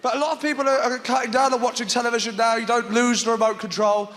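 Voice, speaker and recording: A man performing stand-up comedy on a theatre stage, animated and often shouting. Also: very high voice, fast talker. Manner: animated, shouting bits and put-on voices. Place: large theatre stage with live audience. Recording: echoey hall with crowd noise.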